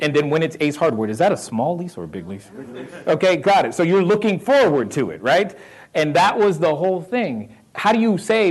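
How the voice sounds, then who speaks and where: A man's voice: fairly high pitch, big pitch swings, fairly quick, breathy edge. A middle-aged man with a Southern American accent giving a motivational talk to a live audience, firing questions at them and laughing often. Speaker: real estate investor speaking to a live audience.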